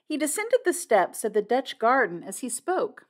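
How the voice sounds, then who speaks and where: A woman reading a classic mystery novel aloud as an audiobook narrator, with expressive delivery. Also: on the high side, moderate pace.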